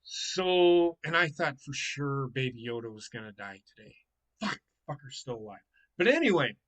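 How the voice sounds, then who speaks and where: A man hosting a casual chat over a call, ranting with constant swearing, swinging from muttering to yelling. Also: medium pitch, very animated, moderate pace, rough recording. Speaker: host. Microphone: headset or desk mic on a call.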